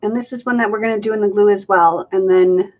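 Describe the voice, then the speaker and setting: A woman's voice: mid-range voice, fairly even intonation, quick pace, lo-fi sound, noisy background. A woman hosting a live craft demonstration, chatting casually and thinking aloud as she mixes and counts. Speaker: acrylic pouring artist hosting a live stream.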